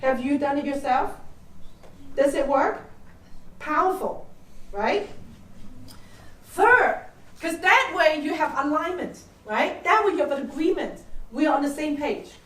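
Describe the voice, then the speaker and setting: Older lady teaching a workshop, high voice, keeps asking "right?", echoey room, mic kind of far off. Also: animated, unhurried, pauses often, fairly bright tone. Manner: coaching, peppers with "right?" and questions to the audience. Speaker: workshop speaker. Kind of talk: soft-skills seminar talk. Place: seminar room.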